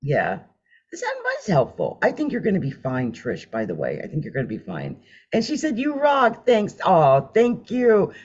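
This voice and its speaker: Woman tarot reader on a live stream: chatty, laughs a lot, very expressive pitch, muffled audio. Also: moderate pace, slightly rough. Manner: chatty, animated, laughs often, hums while drawing cards. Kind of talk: live-stream card reading. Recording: dull lo-fi sound.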